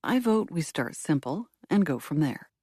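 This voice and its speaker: A woman's voice: sits low, sing-song, normal speed, warm tone, husky, dry recording, full character voice. A woman voicing a dry, teasing male police detective in an audiobook. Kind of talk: audiobook character voice.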